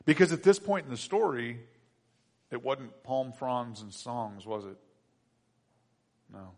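A man preaching a sermon as pastor, moving between hushed reflection and loud, excited bursts. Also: mid-range voice, slow pace. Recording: long hall reverb.

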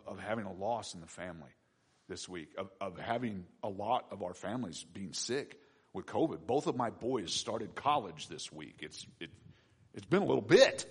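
Animated, expressive male preacher. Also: medium pitch, slightly rough. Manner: animated, swings between loud emphasis and quiet asides; acts out his own prayers and quoted voices. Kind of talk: sermon.

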